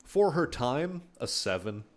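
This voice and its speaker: A man's voice: medium pitch, big pitch swings, measured pace, soft background music. A man casually commenting while he plays a strategy game on stream, laid-back and swearing now and then.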